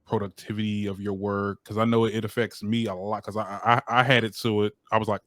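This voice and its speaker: Chatty guy hosting an interview, lowish voice, dry sound. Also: flat delivery, a little fast, few pauses, fairly bright tone, no room sound. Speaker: interview host. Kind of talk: casual interview talk.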